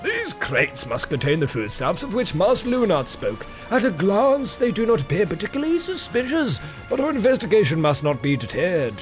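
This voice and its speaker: A grandiose, excitable gentleman inspector, as a man puts him on. His voice leaps high and sweeps wildly through exclamations, all theatrical flourish over soft game music. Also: normal speed, hardly any pauses. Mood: earnest.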